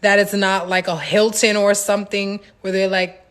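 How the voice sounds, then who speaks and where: A woman chats on a phone-recorded live stream, her pitch in the middle of the range. She tells stories in a loose, animated way, full of slang, and answers viewer questions in a casual tone. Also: normal speed. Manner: chatty, animated storytelling with slang and laughs. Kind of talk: casual livestream Q&A chat.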